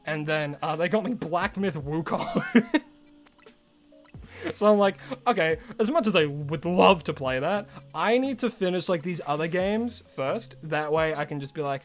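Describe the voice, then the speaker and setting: A male streamer chatting casually on a live stream, rambling and loose, full of "like" and restarts, with soft game music behind him. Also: fairly high pitch, animated, measured pace, long pauses.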